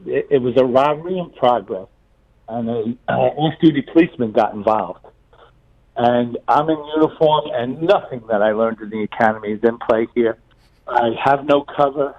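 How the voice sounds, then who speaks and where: Older new guy calling in w/ cop stories, kinda chatty, muffled lo-fi audio. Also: medium pitch. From New York City. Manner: chatty, repeats words as he goes. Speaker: caller, retired police officer. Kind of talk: phone-in storytelling.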